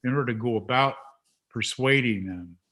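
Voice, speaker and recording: Chatty male host, animated storyteller. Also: mid-range voice, moderate pace. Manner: chatty, animated when telling stories. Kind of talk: casual interview chat.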